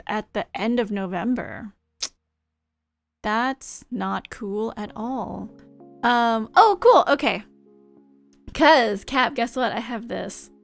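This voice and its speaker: High-pitched girly streamer rambling to chat, bubbly, soft music playing behind. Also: lively intonation, takes it slowly, creaky. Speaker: live streamer chatting with viewers. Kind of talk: casual live-stream chat.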